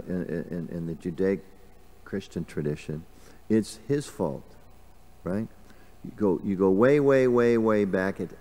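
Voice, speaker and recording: A man with a low, mellow voice gives an informal scripture class in a temple hall. His delivery is chatty, peppered with fillers, and he often asks the audience questions.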